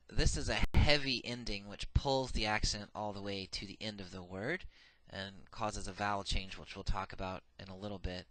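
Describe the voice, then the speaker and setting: A man with a fairly low, slightly bright voice teaches Hebrew grammar in a recorded lecture free of room sound. Methodical and patient, he says every form twice and leans on frequent "uh" fillers.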